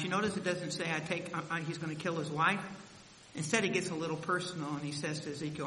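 A man delivers a sermon with dramatic storytelling, his voice swelling and falling. His tone is bright and slightly high for a man, and it rings through a reverberant hall. A faint hiss sits under the recording. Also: steady tone, brisk. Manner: dramatic storytelling, voice rising and dropping. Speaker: preacher.

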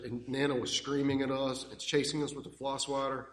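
A man tells warm, rambling family stories as a eulogy. His voice is middle-pitched. It rings through a large church with a long, roomy reverb. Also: level tone, a little fast. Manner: warm, rambling, fond anecdotes. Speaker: grandson giving a eulogy. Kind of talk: heartfelt eulogy storytelling.

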